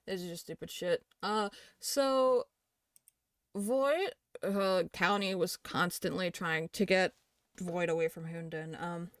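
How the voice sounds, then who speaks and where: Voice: mid-range voice, slow, clear, resonant tone, no echo, studio quality. A young adult talking casually and with plenty of swearing, reading posts aloud and reacting to them. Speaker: creator responding to allegations. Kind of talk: casual commentary.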